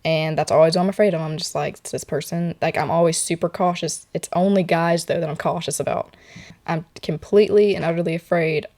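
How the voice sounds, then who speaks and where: A young woman, speaking softly and haltingly with many filler words as she tells a personal story while sitting for a portrait in an artist's studio. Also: low voice, fairly even intonation. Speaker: portrait model interviewee.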